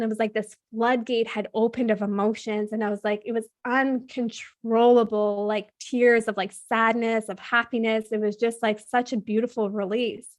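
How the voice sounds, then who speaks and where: A woman telling a personal story as a podcast guest, chatting freely and quoting what she and others said. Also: on the high side. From Canada. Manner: chatty, frequent "like" fillers, quotes her own and others' words.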